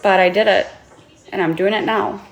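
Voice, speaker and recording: Tearful woman with a gravelly voice. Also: medium pitch, fairly even intonation. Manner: impassioned, swears, halting restarts; earnest and pleading. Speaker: vlogger and author. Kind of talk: emotional vlog monologue.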